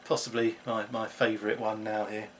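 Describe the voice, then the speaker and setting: A man's voice: fairly low pitch, little pitch movement, normal speed, slight background noise. A middle-aged man, chatting to camera at home in a rambling, self-mocking way. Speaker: vlogger. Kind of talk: casual chat to camera.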